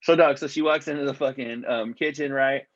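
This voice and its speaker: A man's voice: medium pitch, steady tone, a little fast, no echo, highs cut off. A man co-hosting a podcast, telling long rambling stories full of swearing and calling his friend "dog". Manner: profane, rambling storyteller, says "dog" a lot. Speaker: podcast co-host. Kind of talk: casual chat.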